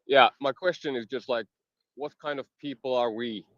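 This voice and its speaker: A man's voice: medium pitch, normal speed, no room sound. A man speaking up as a caller, indignant and emotional, sometimes searching for words. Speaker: caller in a live audio space. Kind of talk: impassioned comment. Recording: dry, dull lo-fi line.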